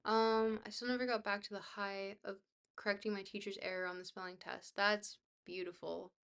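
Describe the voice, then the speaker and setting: A woman's voice: medium pitch, level tone, fairly bright tone, clean tone. Woman streamer reading a book aloud. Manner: reads aloud haltingly, tripping over long words, chatty asides to viewers. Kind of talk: livestream book reading with chat asides.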